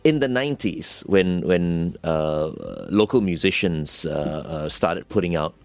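Guy radio host, low voice but swoops around, jokey, repeats himself, dry mic. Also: unhurried, dry recording, faint music behind. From Singapore. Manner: playful, animated, repeats words. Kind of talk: casual radio banter.

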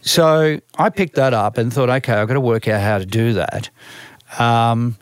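A man's voice: medium pitch, normal speed, clear, resonant tone, no echo, studio quality. Older Australian man telling stories. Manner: rambling, many restarts and repeated words. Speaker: music manager, guest. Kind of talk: storytelling interview.

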